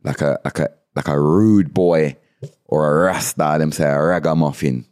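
A man's voice: extremely low pitch, normal speed, darkish tone. A man, a podcast guest, chatting casually and animatedly while explaining slang, laughing often.

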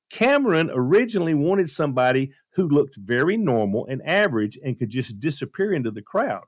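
Lively, animated male radio host. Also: mid-range voice, no echo, studio quality. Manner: lively, animated retelling with fillers. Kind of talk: casual storytelling chat.

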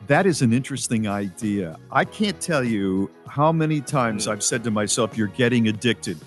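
A man's voice: mid-range voice, lively intonation, moderate pace, hardly any pauses, faint music behind. A man hosting a radio show, chatting casually and musing aloud about his own habits.

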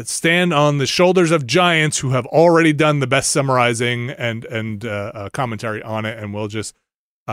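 Man, podcast host, casual chat, bright and tense tone, dry close mic. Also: medium pitch, clean tone, dry recording. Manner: animated, joking, rambling with fillers.

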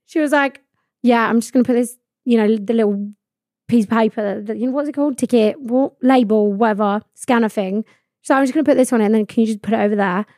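A young woman in her twenties tells a long story on her solo podcast with lively energy, swearing often and acting out what everyone said. Her voice sits fairly high, and the studio sound is close and dry. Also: quick pace, dry recording. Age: 20s. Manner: animated, swears freely, acts out quoted exchanges. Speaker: podcast host. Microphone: studio podcast mic.

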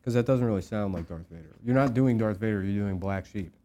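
A man co-hosting a podcast, arguing in a deadpan, bickering way during casual comedic banter. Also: on the low side, fast talker. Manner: deadpan, argumentative. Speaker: podcast co-host.

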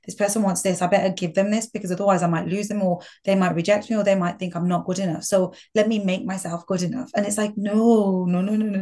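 Woman guest psychologist, thoughtful, affirming, middle-pitched voice. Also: darkish tone. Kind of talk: casual chat.

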